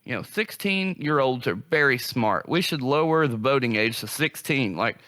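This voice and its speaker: Exasperated man ranting, bright voice. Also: medium pitch, animated, moderate pace. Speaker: podcast co-host. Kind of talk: casual podcast chat.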